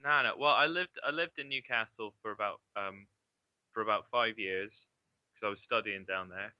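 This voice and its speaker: A man's voice: on the low side, moderate pace, dry recording. Brief: twenties man from southeast England, chatty, swears a lot, dull muffled sound. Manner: chatty, swears freely, laughs often. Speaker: guest. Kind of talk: casual online chat. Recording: dull lo-fi audio.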